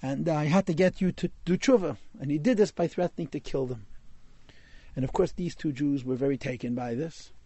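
A man's voice: on the high side, fairly quick, warm tone, breathy edge, no echo. A man telling a Hasidic story in a class, mixing in Yiddish and Hebrew words.

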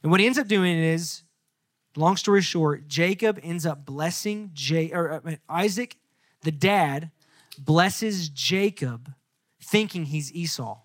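A man's voice: on the high side, slow pace, no room sound, clean studio sound. A young male youth pastor preaching a sermon, retelling the story in casual slang and acting out the characters.

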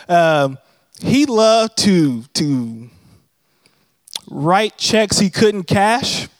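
Young male pastor, high voice, chatty and funny sermon delivery, dry close sound. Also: dry recording. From Texas. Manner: conversational, humorous storytelling preacher.

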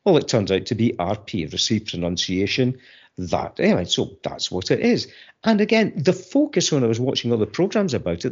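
A middle-aged man in a casual discussion, talking in an animated, digressive way with frequent restarts, on muffled lo-fi audio. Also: mid-range voice, breathy edge.

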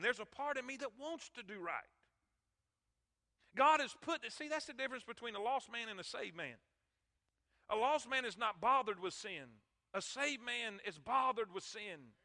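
A man with a high, sharp voice preaches a sermon, calling out emphatically to his congregation. He's in a church sanctuary, and the recording carries a long hall reverb.

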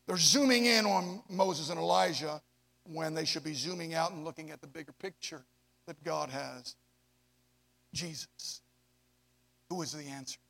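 A man preaching a sermon to young adults, swinging from hushed asides to loud, drawn-out emphasis. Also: a little high, gravelly. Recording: long hall reverb.

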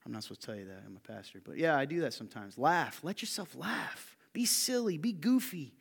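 A man preaching as a pastor, telling personal stories in an animated, joking way that swings from quiet asides to loud, excited delivery. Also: a little high, brisk, creaky, husky. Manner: animated storytelling, shouting when quoting a friend. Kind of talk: sermon. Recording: long hall reverb.

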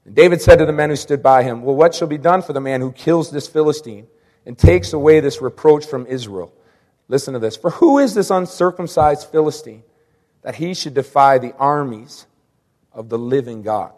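A man's voice: medium pitch, expressive, normal speed, darkish tone, big-room sound. A man preaching a sermon, reading scripture and repeating his key lines with emphasis, sometimes acting out the people he quotes.

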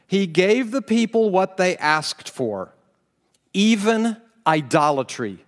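A man preaches slowly and deliberately, his pitch swinging widely as he reads scripture with dramatic voices and chuckles along the way. His voice sits a little high for a man, and a long reverb trails each phrase. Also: big pitch swings. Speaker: pastor. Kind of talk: sermon.

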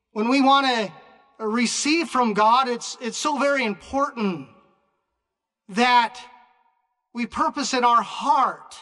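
A man preaching a sermon in a slow, deliberate way, with frequent pauses and restarts. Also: extremely high pitch, bright, forceful tone. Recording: long reverb of a large hall.

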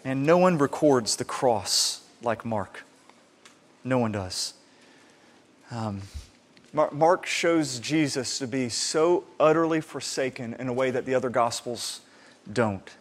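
A man preaching a sermon in an animated way, acting out the people he quotes. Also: mid-range voice, takes it slowly. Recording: reverberant hall sound.

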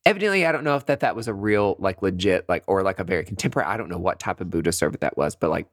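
A man, a nurse, telling a personal story in a casual, animated way, often laughing and acting out his reactions. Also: deep voice, very fast, dry recording, clean studio sound. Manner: breaks into giggles mid-sentence.

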